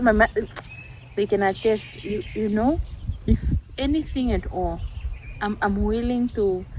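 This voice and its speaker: A woman's voice: medium pitch, slight background noise. A young woman from Namibia talking casually in a vlog, earnest and reflective, often laughing at herself. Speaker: YouTuber.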